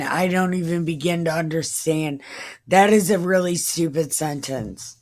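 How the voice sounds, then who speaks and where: A woman's voice: low voice, unhurried, a little mellow. A woman reading scripture aloud with sarcastic, incredulous asides. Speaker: comedic Bible reader. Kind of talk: irreverent comedic scripture reading.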